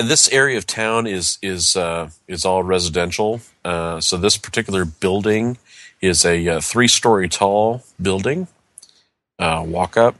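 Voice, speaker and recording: A man narrating as game master, describing scenes in a halting way. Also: low-pitched, a bit bright, dry recording. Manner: halting, descriptive, searches for words.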